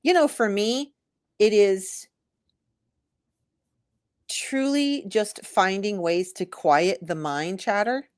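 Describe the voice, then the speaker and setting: A woman's voice: medium pitch, slow, pauses often, no room sound, studio quality. A woman guest who does readings, talking casually in a rambling way with many restarts. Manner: rambling, restarts, laughs easily. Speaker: guest, intuitive reader. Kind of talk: casual interview chat.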